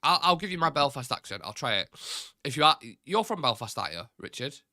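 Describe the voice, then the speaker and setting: A man's voice: on the high side, very animated, fast, pushed and bright, no echo, studio quality. A young man hosting a casual fan livestream, blunt and indignant, swearing freely, with a slightly stuffy, nasal voice. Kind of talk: casual live-stream chat.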